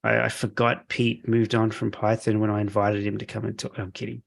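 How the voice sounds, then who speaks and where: Encouraging podcast host, lowish voice. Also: male voice, flat delivery, a little fast, gravelly. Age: middle-aged. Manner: enthusiastic, encouraging, laughs easily. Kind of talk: casual interview chat.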